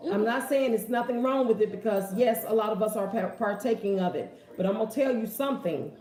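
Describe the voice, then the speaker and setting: A woman's voice: mid-range voice, lively intonation, fairly quick, darkish tone. A woman hosting a casual question-and-answer talk, with an emphatic, preachy, folksy way of speaking. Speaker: host. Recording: echoey room.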